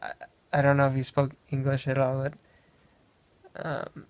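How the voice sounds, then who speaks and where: A man's voice: mid-range voice, monotone, normal speed, dry recording. A young man from Wisconsin, casually telling a travel story in a meandering way, often correcting himself. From Wisconsin, USA. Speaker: vlogger.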